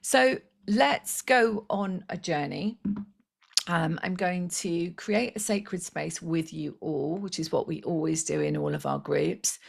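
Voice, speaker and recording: A woman with a low, deeply gravelly voice guides a meditation for a live online group. She speaks slowly and soothingly into a close microphone, with fillers here and there. She says she is losing her voice. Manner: soft, slow and soothing, with fillers. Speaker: spiritual healer leading a live online session.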